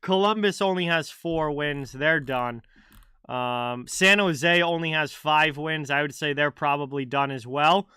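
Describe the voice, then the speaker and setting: A man's voice: on the high side, a little slow, bright, forceful tone, smooth, no room sound, studio quality. A man hosting a live hockey stream, chatting casually about the standings and answering viewers by name. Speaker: livestream hockey host. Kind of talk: casual live-chat commentary.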